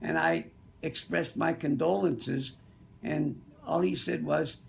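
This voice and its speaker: Older guy from pittsburgh telling old stories, slow and gravelly, lots of you-knows. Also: fairly high pitch, expressive. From Pittsburgh area. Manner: rambling, fond, with many you-knows. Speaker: storyteller. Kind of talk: casual anecdote telling.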